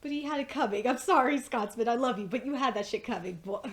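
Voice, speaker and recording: A woman giving a casual fan review of a TV episode, excitable and gushing, swearing freely, laughing often, and jumping high in pitch when she gets worked up. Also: fast.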